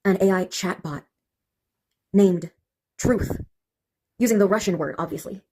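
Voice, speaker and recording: A woman's voice: mid-range voice, unhurried, dark tone, a little hiss or hum. A woman with a sardonic, mocking manner, delivering a casual monologue.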